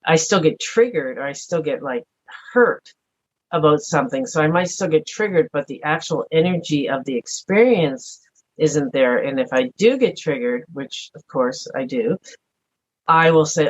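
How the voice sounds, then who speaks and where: A middle-aged woman speaking earnestly and softly as a podcast guest, thinking aloud in a reflective personal conversation. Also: deep voice, expressive, normal speed. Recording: dull lo-fi audio.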